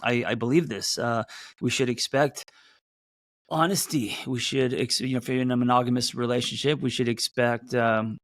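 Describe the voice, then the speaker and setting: A man who hosts as a therapist, talking loosely to a live audience, with many fillers and restarts, and a voice that sometimes jumps up high. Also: steady tone, normal speed, fairly bright tone, dry recording. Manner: voice jumps up in pitch at times. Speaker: therapist and podcast host. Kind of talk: casual live-stream talk.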